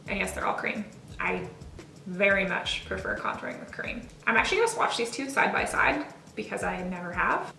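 A woman's voice: medium pitch, expressive, moderate pace, creaky, bright, forceful tone. A woman chatting casually through a makeup tutorial, friendly and self-deprecating. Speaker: beauty vlogger. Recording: roomy, distant mic, faint music.

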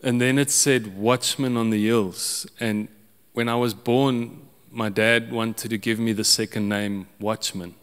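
A man preaching at an unhurried pace, telling a personal story. He restarts his sentences often and chuckles between them, and a long hall reverb trails after his voice. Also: lowish voice, fairly even intonation, fairly bright tone, clear, resonant tone. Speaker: pastor. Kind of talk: sermon.

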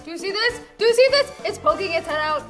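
A young woman hosting a gaming video, commentating excitedly and repeating her exclamations. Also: very high voice, quick pace. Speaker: gaming host. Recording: background music under voice.

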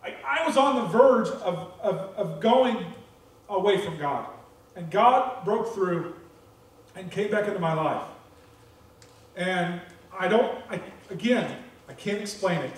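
A man's voice: sits high, lively intonation, slow, pauses often. A man pastor giving an earnest, candid sermon with a personal testimony, often checking in with "okay?". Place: church sanctuary. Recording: echoey church from far off.

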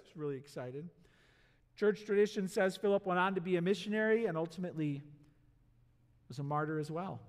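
A male pastor preaching a sermon in a church, animated, asking the congregation questions and acting out voices. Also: sits high, fairly quick, long pauses. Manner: animated, acts out voices and asks the crowd rhetorical questions. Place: church sanctuary. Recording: long hall reverb in a church.

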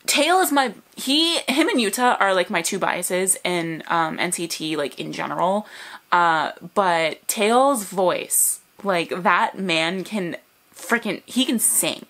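A woman hosting a music video reaction vlog, gushing and emotional in an excitable, fangirling way over faint music. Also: lowish voice, slow.

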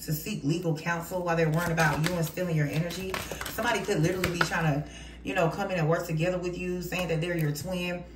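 A woman's voice: on the low side, fairly even intonation, fast. A woman giving a casual tarot reading in a blunt, heated, profane way. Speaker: tarot reader. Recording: roomy, distant mic, noisy.

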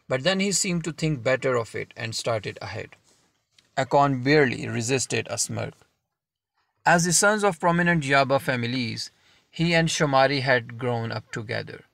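Slow, gravelly male audiobook narrator. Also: medium pitch, fairly bright tone, no echo. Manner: slow, measured reading with deliberate pauses.

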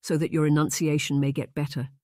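A man voicing a proper young aristocrat in an audiobook, speaking in a measured, formal, lecturing way. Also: a little high, flat delivery, mellow, no echo, studio quality, lightly acted. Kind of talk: audiobook narration.

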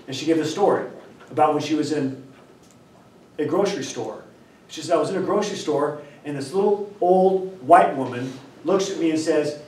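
A man lecturing and telling a story, acting out the dialogue, often clearing his throat. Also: on the high side, brisk, slight background noise. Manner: animated, acts out dialogue, frequent throat clearing. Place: lecture room. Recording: roomy lecture hall from far off.

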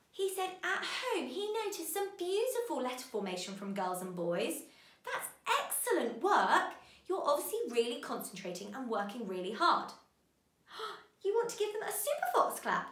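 A woman teaching a children's phonics lesson, giving bright, sing-song encouragement to young learners. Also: very high-pitched, roomy sound.

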